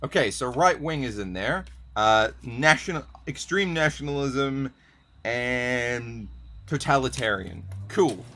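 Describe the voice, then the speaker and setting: Young male vlogger, sardonic and swearing, animated delivery. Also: medium pitch, slow. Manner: profane, sardonic, reads aloud from dictionaries. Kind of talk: casual rant to camera.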